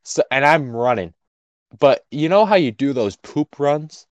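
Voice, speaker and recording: A young man co-hosting a podcast tells a story in casual chat, speaking unhurriedly in a fairly high voice. He's an animated storyteller who acts out the people involved. The recording has no echo but sounds muffled.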